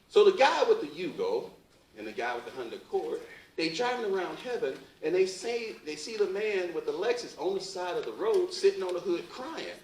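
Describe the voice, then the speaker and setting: A man's voice: high-pitched, sing-song, moderate pace, a bit bright. A man doing a loose, joking stand-up comedy set on a live stage, asking the crowd questions. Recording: roomy live venue from far off.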